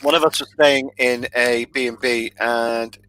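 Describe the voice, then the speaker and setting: A man's voice: mid-range voice, steady tone, measured pace, sharp tone, clean tone, poor audio. A man co-hosting a comedy podcast, telling stories in a casual chat and often laughing mid-sentence. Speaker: podcast co-host.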